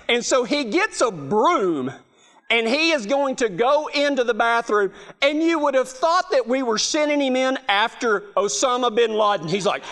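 High, lively man telling stories. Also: moderate pace. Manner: laughing, animated storyteller with restarts. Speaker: speaker. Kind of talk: humorous storytelling talk.

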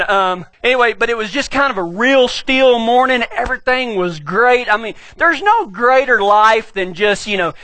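A middle-aged man with a West Texas accent, a pastor telling a humorous story in an animated, folksy way. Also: high voice, no room sound.

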